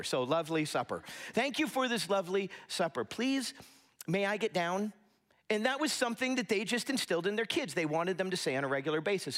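A man's voice: fairly high pitch, a bit bright. A middle-aged man as pastor, preaching a conversational sermon with storytelling and asides in a church sanctuary.

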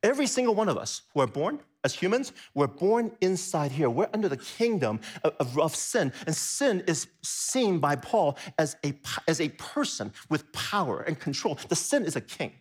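A man preaching a sermon, asking his listeners questions and repeating phrases, swinging from quiet low stretches to high excited bursts. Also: moderate pace, few pauses, slightly rough.

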